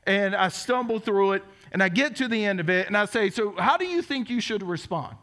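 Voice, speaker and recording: A man's voice: sits high, lively intonation, fairly quick, sharp tone. A man in his thirties with a Southern US twang, preaching a sermon as teaching pastor, telling stories with earnest, self-deprecating humor. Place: church sanctuary.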